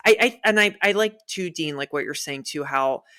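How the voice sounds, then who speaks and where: A man's voice: a little high, lively intonation, normal speed, pushed and bright. A man guesting on a film podcast, talking casually with hesitant restarts.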